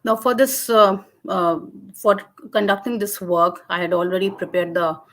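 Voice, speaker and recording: Woman lecturer, webinar, mid-pitched voice, hesitant explaining with frequent fillers. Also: normal speed, a bit bright. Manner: hesitant, many fillers and restarts. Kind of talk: academic lecture.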